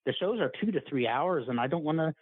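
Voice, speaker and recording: A man in his forties, a podcast guest chatting in a relaxed, conversational way. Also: fairly high pitch, fast, slightly rough, dry recording. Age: 40s. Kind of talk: casual chat. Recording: tinny phone-like line.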